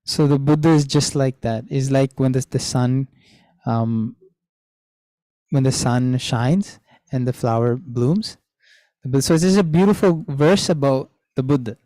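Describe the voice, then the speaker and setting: A young man teaches children an online storytelling class, asking them questions and repeating the key lines. His mid-range voice is dark in tone, fairly even, and unhurried, and the recording is dry and rough.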